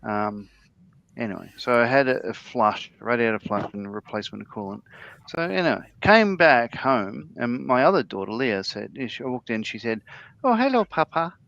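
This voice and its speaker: Gravelly older man. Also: medium pitch, expressive, normal speed, fairly bright tone. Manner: meandering, many ums and restarts. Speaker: co-host of a scale-modelling livestream. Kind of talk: casual chat, rambling anecdote. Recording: slightly dull lo-fi audio.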